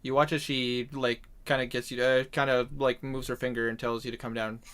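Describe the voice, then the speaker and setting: A man's voice: mid-range voice, little pitch movement, brisk, a bit bright, clear, resonant tone. A man running a tabletop game over voice chat, chatty and often laughing as he narrates. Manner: chatty, laughs between lines. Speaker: game master.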